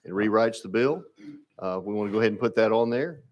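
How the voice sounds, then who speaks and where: A man's voice: fairly low pitch, quick pace, lo-fi sound. A man chairing a legislative committee hearing, polite and procedural.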